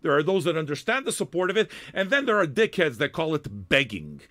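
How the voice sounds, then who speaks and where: An older man hosting a music-reaction livestream, ranting at chat viewers in loud, profane, half-shouted tirades. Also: a little high, sing-song, fairly quick.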